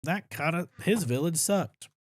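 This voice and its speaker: A young man talking his way through a video game run, his voice sitting a little high for a man. He jumps between loud excitement and exaggerated complaining, chatting to his viewers like friends. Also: a little slow, slight background noise. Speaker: gaming streamer. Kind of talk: casual gameplay commentary.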